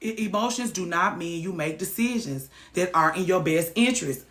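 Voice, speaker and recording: A woman hosting a talk show, giving animated, profane advice that swings from loud outbursts to low muttering. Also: moderate pace. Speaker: host. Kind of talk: lively advice talk to a caller. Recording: echoey room.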